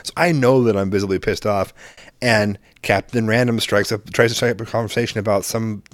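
A man's voice: a little fast, no room sound. A man co-hosting a casual podcast, telling a story with lots of swearing and acting out quoted exchanges. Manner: animated, swearing, acts out quoted exchanges with big pitch jumps. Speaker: podcast co-host.

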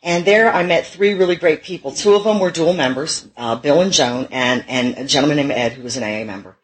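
A woman's voice: low-pitched, fairly quick, low-quality recording. A middle-aged woman telling her own recovery story to a meeting, candid and self-mocking, with wry humor. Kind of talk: personal recovery talk.

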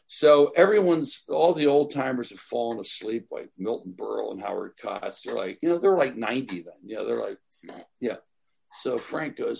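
A man's voice: medium pitch, gravelly, husky. An older man telling long, rambling anecdotes in a casual interview, full of "like" and "you know". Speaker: guest. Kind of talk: casual storytelling.

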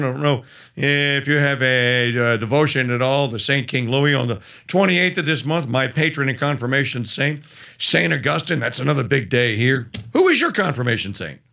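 A man's voice: medium pitch, creaky, bright, forceful tone. A man hosting a talk radio show, chatting loosely with a guest and trailing off into fillers. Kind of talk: casual talk radio chat.

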